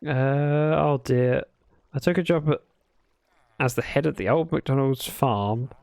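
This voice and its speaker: A man's voice: medium pitch, takes it slowly, vocal fry, darkish tone, no echo, studio quality. A man chatting casually while livestreaming a building game, playfully telling dad jokes to his chat.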